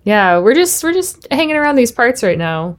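A woman's voice: fairly high pitch, very animated, moderate pace. A woman playing a tabletop game, talking in a casual, friendly, loosely phrased way. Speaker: player. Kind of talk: in-character tabletop play.

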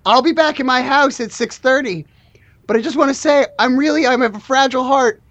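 A woman's voice: high-pitched, a little fast, a bit bright, no room sound, pitched above the performer's own voice. A woman voicing an overworked, lovesick shop worker who sold their soul, in a drawling slacker impression during an improvised tabletop game. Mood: lovelorn. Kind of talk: improvised tabletop role-play.

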